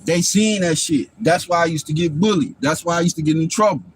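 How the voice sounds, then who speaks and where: A man's voice: on the high side, a little fast, slight background noise. A man, a father, talking in a rambling, profane and preachy way on his livestream, often asking if you follow him. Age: adult father. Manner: profane, preachy, keeps asking "you know what I'm saying". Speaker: livestream host. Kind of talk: rambling casual monologue.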